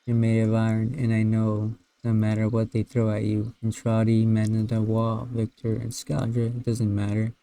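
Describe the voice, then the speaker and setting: A man reading out a chat log as an earnest young suitor confessing his feelings, in a plain, unhurried voice. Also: fairly low pitch, completely flat delivery, mellow, no room sound, close to an everyday voice. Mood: tender.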